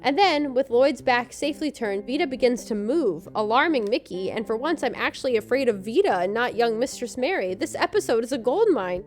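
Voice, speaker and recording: A woman's voice: fairly high pitch, lively intonation, brisk, hardly any pauses, a little mellow, soft background music. A woman co-hosting a podcast, giving a sarcastic, joking recap of a TV episode. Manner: sarcastic, snarky commentary. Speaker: podcast co-host.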